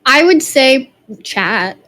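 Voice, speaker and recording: A woman talking casually as an interview guest, her voice sitting a little high. She gropes for words with lots of fillers and breaks into small giggles as she tells her story. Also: animated, takes it slowly, bright, forceful tone. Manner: hesitant, many fillers and giggles. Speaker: music streamer guest.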